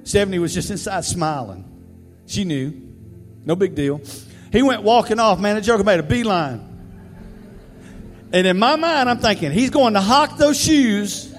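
A man's voice: sits high, normal speed, long pauses. Man preaching a story in a reverberant hall. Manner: conversational, animated storyteller. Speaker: pastor. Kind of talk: storytelling sermon. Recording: reverberant hall, faint music.

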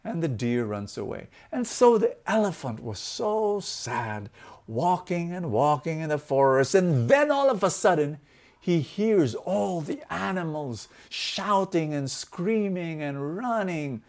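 A man giving a motivational talk, telling a fable and speaking in an animated way that shifts from loud to soft. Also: a little high, slow.

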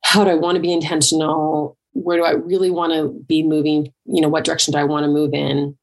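A woman's voice: sits low, flat delivery, brisk. A middle-aged woman, a triathlon and life coach, giving a conversational motivational talk full of "like" and "right?" asides. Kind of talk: motivational monologue.

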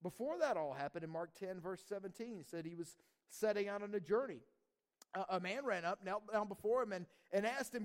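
A man preaching a sermon as pastor, animated and casual, slipping into slang and acting out voices. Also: high-pitched, fairly quick.

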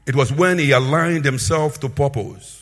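A husky-voiced man preaching with emphatic force, his voice sitting a touch high for a man. He swings from loud, punchy lines to low, quiet asides as he works through the sermon. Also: moderate pace.

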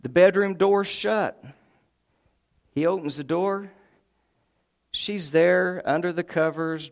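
A man's voice: on the high side, takes it slowly, long pauses. A man preaching a sermon, a folksy storyteller who acts out voices and chuckles. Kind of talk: sermon with humorous stories. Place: church sanctuary.

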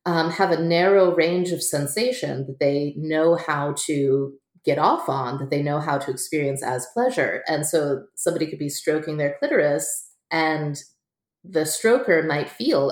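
Low-voiced chatty woman, echoey room. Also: unhurried. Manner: chatty, laughs often, many fillers like "like" and "um". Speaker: author and guest. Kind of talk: relaxed interview conversation.

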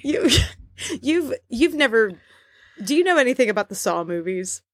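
A young woman talks through a podcast in relaxed chat, her voice sitting a bit high. She is animated, swears freely and laughs a lot. The sound is dry and close, with no room behind it. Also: normal speed, no echo. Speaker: podcast co-host. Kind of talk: casual chat.

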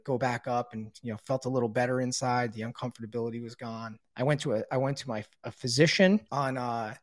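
A man's voice: medium pitch, no room sound, studio quality. Blunt, swearing man telling his story. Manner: blunt, swears often, acts out quoted dialogue. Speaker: podcast guest telling his recovery story. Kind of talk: casual storytelling.

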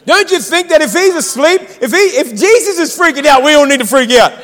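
Male pastor, very high voice, fervent call-and-response preaching with long reverb behind it. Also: animated, brisk, a bit bright. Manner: fired-up, exhortative, calls to the congregation. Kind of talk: sermon. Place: church.

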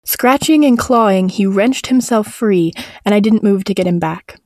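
A woman's voice: medium pitch, moderate pace, a little mellow, no echo. Woman narrating a horror story, dry and close.

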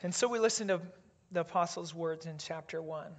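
A pastor preaching a sermon in a deliberate way, dropping to a hush on key phrases and leading the congregation in reading aloud. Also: mid-range voice.

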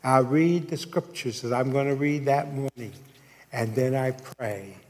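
A man's voice: medium pitch, measured pace, a little mellow, long reverb tail. A man preaching a sermon, telling a story and checking in with his congregation as he goes. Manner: preaching with call-outs to the congregation. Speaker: pastor.

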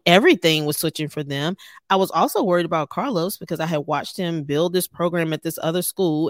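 Woman talking earnest faith podcast style, low gravelly voice, dry close sound. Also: dry recording. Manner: earnest, conversational, addresses listeners as y'all. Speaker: podcast host. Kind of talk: personal faith podcast talk.

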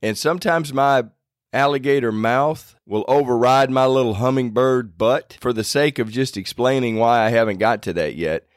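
A man's voice: medium pitch, normal speed, dry recording, clean studio sound. A man hosting a casual devotional talk in a folksy, self-deprecating way, rambling a little and restarting sentences. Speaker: faith podcast host.

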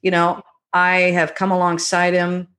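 A middle-aged woman, a guest on a talk show, telling stories about her marriage in a reflective, gentle way. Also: on the low side, completely flat delivery. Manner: warm, reflective storytelling with gentle pauses. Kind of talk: conversational podcast interview.

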